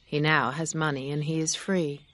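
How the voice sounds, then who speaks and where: A sincere, serious gentleman , read by a woman in her own low voice, speaks slowly and steadily. The tone is low, plain and unhurried. This is a calm storybook reading. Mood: earnest. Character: grave, sincere gentleman in love. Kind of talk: audiobook character reading.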